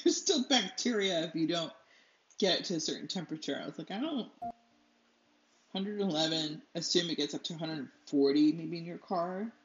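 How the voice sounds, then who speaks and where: Rambling woman chatting while she paints. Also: fairly low pitch. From United States. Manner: rambling, loses her train of thought, laughs often. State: allergies. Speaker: artist and channel host. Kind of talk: casual chat while painting. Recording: slightly dull, roomy, faint music.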